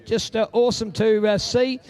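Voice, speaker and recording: A man's voice: high voice, flat delivery, normal speed, a little mellow. A man interviewing riders at a motorbike race, effusive and chummy, calling everyone mate. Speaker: trackside interviewer. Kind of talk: post-race podium interviews. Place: outdoor motorsport circuit.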